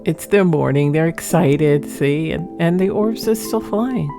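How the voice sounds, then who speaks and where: Casual vlog narrator: a woman with a low voice and a gravelly edge, talking loosely over music. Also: measured pace. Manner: chatty, rambling, laughs often. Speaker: paranormal vlogger narrating her footage.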